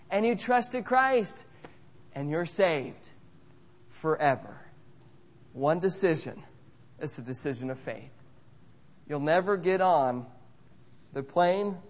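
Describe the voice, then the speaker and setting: Male preacher, earnest sermon delivery, slows for emphasis, somewhat high voice. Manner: earnest, repeats key phrases.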